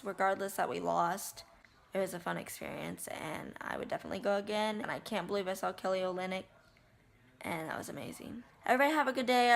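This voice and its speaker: A woman vlogger chatting casually to the camera, retelling what people said with lots of "like" and "I said.". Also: mid-range voice.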